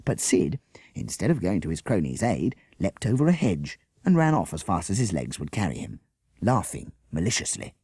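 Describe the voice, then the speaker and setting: A male storyteller reading aloud, his low voice husky and gravelly. He swings his pitch widely as he narrates. The recording is dry and close. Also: moderate pace, dry recording. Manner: lively, expressive reading. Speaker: audiobook reader.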